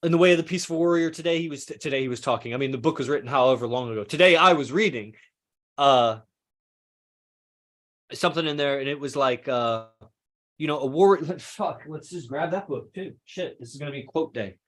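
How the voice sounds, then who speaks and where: Thinking aloud in a loose, meandering philosophical monologue, an easygoing male podcast host speaks in a slightly high, somewhat bright voice at a fairly quick clip. He swears without hesitation and often stumbles, then restarts his sentence.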